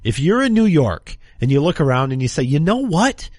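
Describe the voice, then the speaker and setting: A talk show host runs a political commentary program, sarcastically mocking his opponents by quoting them in put-on voices. His medium-pitched voice is sing-song, fairly quick, and somewhat dark. The recording is dry and clean, studio quality.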